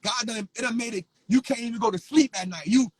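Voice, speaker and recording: A man's voice: very high voice, fast, low-quality recording. A man, giving fervent, repetitive motivational preaching to his viewers. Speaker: vlogger.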